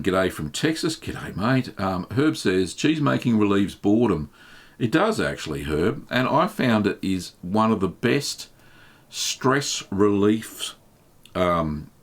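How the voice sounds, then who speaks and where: Low-voiced man hosting a casual live Q&A. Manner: relaxed and chatty, reads chat messages aloud, many um fillers. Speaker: livestream host answering viewer questions.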